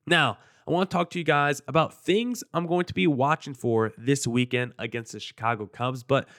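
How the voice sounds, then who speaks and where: A man's voice: medium pitch, moderate pace, a bit bright, no echo, clean studio sound. A man hosting a solo sports podcast, talking in a conversational, rambling and upbeat way with a self-deprecating streak.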